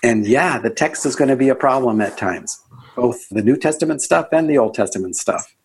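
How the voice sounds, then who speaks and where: A man being interviewed as a guest author on a podcast, talking in a reflective, earnest way and sometimes leaping up in pitch for emphasis. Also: animated, fairly quick, breathy edge.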